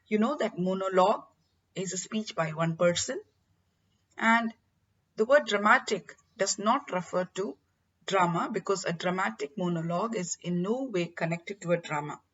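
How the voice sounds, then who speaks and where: A woman with a breathy, slightly husky voice teaches literature in a patient, explanatory way, speaking straight to her students. Her pitch sits in an ordinary middle range. The recording sounds dull and lo-fi. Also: a bit bright. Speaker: literature lecturer. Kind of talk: classroom lecture.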